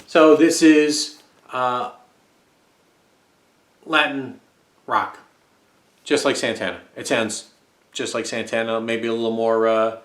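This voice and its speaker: An American man chats loosely about his vinyl finds in an easygoing, meandering way, often stopping on "uh" between thoughts. His voice sits at an ordinary middle pitch and carries a noticeable echo from the room around him. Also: slow, long pauses. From United States. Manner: rambling and relaxed, with frequent fillers. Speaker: vinyl record collector. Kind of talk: casual record-collecting vlog. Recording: echoey room.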